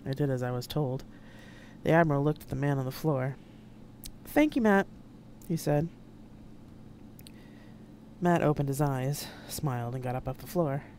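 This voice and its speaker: Expressive live audiobook narrator. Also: mid-range voice, moderate pace, pauses often, a little hiss or hum. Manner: expressive, dramatic reading. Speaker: author reading own novel. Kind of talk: first-person audiobook narration read live. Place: home streaming setup.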